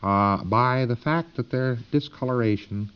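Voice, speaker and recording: A man's voice: mid-range voice, measured pace, smooth, lo-fi sound. A man giving a lecture to students in a folksy, emphatic, digressive way.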